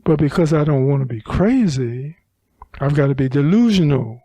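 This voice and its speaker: A man teaching a Buddhist dharma talk at a retreat center, unhurried and emphatic, repeating phrases to drive points home. His pitch swings widely and sits a little high for a man. The sound is dry and close. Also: lively intonation, warm tone, no echo.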